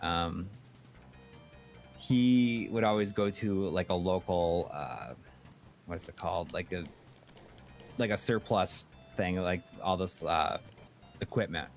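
Guy co-hosting a chill show, rambly and halting, lots of um and uh, faint music behind. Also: sits low. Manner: rambling, halting, many fillers and restarts. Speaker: podcast co-host reading donations. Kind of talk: casual chat.

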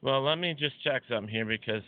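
A man's voice: mid-range voice, fast talker, no echo, phone-quality sound. A man hosting a paranormal talk radio show, joking and stumbling over his words. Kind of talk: casual chat.

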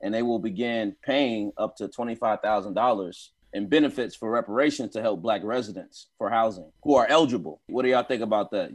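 A man hosting a casual podcast, relaxed as he steers the conversation. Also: fairly low pitch. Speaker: podcast host.

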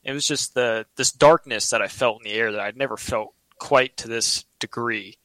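A man's voice: medium pitch, moderate pace, pushed and bright, no room sound, poor audio. A man telling a personal story in a casual, earnest, rambling way, often restarting his sentences.

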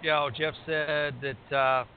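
A man's voice: a little high, level tone, slow pace, a little hiss or hum. Man rambling on a tinny phone line. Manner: rambling, many restarts and fillers. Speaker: podcast co-host recapping wrestling. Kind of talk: casual chat.

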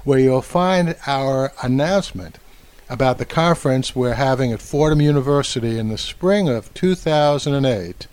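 A man hosting his own podcast, giving reflective commentary and slowing down to stress key words. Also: medium pitch, darkish tone. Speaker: podcast host and media commentator.

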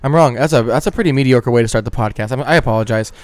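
Podcast host guy in his 30s, swears a lot, gets ranty, smooth clean voice, dry close mic. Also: medium pitch, racing, no echo. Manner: profane, ranting, animated. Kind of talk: casual podcast chat.

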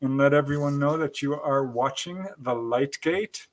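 A man's voice: medium pitch, normal speed. Man hosting a live paranormal talk show. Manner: friendly, chatty, reads station info from notes. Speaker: host.

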